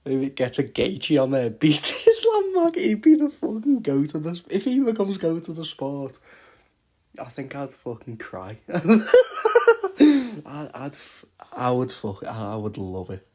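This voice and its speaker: A man's voice: mid-range voice, wildly swooping pitch, measured pace, a little mellow. Man ranting about fights. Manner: swears constantly, laughs often, rants with restarts. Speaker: MMA reaction vlogger. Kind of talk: casual reaction rant.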